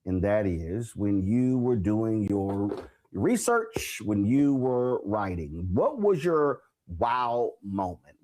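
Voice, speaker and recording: A man hosting a talk show and interviewing an author, telling stories with lively repetition for emphasis. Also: mid-range voice. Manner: animated storyteller, repeats phrases for emphasis.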